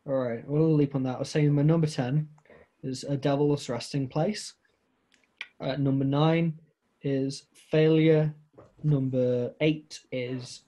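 Husky-voiced male podcast co-host. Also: mid-range voice, dark tone. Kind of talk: casual podcast chat.

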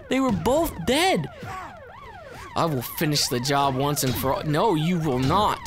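A young man doing profane, excitable let's-play commentary as a gaming YouTuber, swinging between low growled taunts and shrieks. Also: unhurried, very noisy.

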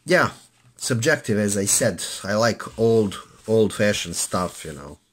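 A man's voice: lowish voice, expressive, a little slow. A man casually reviewing an old cassette recorder indoors, laid-back and rambling, with lots of filler sounds.

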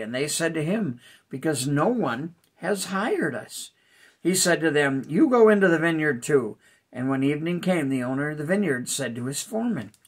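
A male pastor reading a Bible chapter aloud with short spoken comments, unhurried, with small hesitations between thoughts and rising emphasis on the quoted lines. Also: fairly high pitch. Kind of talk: scripture reading with brief commentary.

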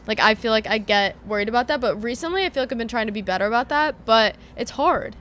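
A woman's voice: a little high, fast talker, hardly any pauses, a bit bright, slight background noise. A young woman in her twenties hosting a podcast, chatting casually and rambling with lots of fillers. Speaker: podcast host. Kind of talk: casual chat.

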